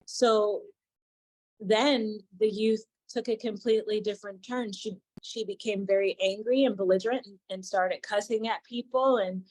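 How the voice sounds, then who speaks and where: A woman recounts a personal story in a frank, thoughtful way, slipping into the voices of the people she quotes. Her voice sits at a middling pitch and sounds dry and close, with no room around it. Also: dry recording, poor audio. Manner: candid, reflective, acts out quoted dialogue. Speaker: youth mentor.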